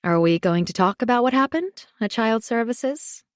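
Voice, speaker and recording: A woman voicing a calm young mother in an audiobook, explaining things gently. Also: on the high side, normal speed, no echo, clean studio sound, pitched above the performer's own voice, lightly acted.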